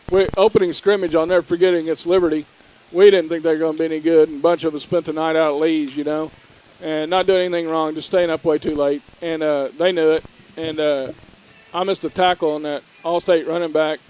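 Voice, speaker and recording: A middle-aged man co-hosting a local sports broadcast, telling folksy, animated stories. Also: a little high, clean tone, rough recording. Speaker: radio sports co-host. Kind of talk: casual storytelling.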